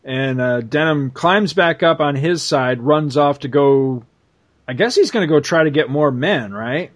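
A man talking casually as a podcast co-host, walking a listener through a story scene by scene. He sits a little high for a man and keeps an animated, easygoing flow, laughing often along the way. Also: measured pace. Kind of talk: casual chat.

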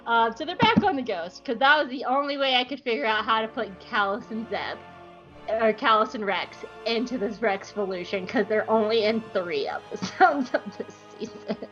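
A woman podcast co-host retelling a fan story in a casual, giggly, animated way. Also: a little high, normal speed, soft background music. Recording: dull lo-fi podcast audio.

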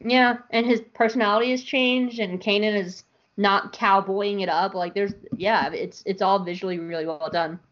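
A young woman hosting a podcast, recapping a TV episode in a casual, animated way full of likes. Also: medium pitch, moderate pace, highs cut off. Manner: animated, bubbly, lots of likes. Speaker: podcast host.

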